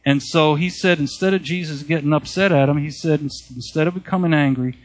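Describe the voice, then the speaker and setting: A male preacher retelling a written account during a sermon, in an animated storytelling manner that rises for quoted speech. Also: a little high, a little fast.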